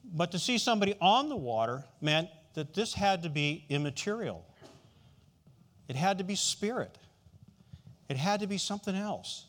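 Male preacher, fairly high voice with a lot of movement; conversational sermon delivery, checks in with listeners. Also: big pitch swings, moderate pace, long pauses, fairly bright tone. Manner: conversational, asks the listeners questions.

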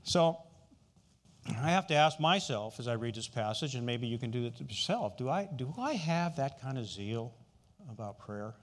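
A man's voice: mid-range voice, expressive, normal speed. A man preaching a sermon in a conversational way, often asking the listeners questions.

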